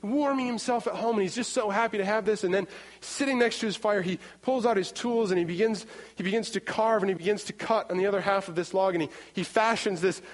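A man in his thirties preaching a sermon in an animated way, acting out scenes and repeating words as he goes. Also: high-pitched. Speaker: pastor. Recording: long hall reverb.

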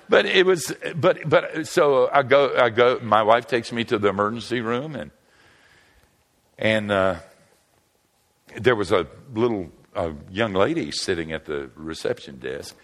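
Older man, preacher, humorous sermon, storytelling, lively pitch, long hall reverb. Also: a little slow, long pauses. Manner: animated storytelling, joking with the crowd.

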